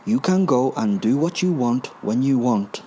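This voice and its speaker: A man's voice: mid-range voice, lively intonation, measured pace, dark tone, a little hiss or hum, close to an everyday voice. A man voicing Hans, a smug, scheming tycoon man who explains his plan.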